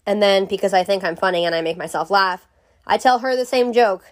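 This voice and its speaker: A woman's voice: medium pitch, brisk. Profane, jokey woman telling a story. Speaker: vlogger. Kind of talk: casual storytelling to camera.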